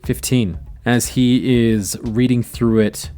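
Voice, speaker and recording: A man's voice: on the low side, normal speed, soft background music. Man narrating a tabletop game. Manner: lively, playful narration. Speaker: game master.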